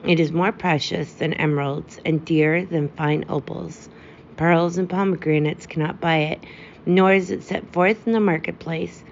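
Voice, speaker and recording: A tender, self-sacrificing nightingale speaks with earnest, lyrical devotion, as a woman reads her. The voice sits low for a woman, and the recording is dull and lo-fi, with a faint hiss behind it. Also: fairly even intonation, normal speed, creaky. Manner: earnest, lyrical storybook delivery.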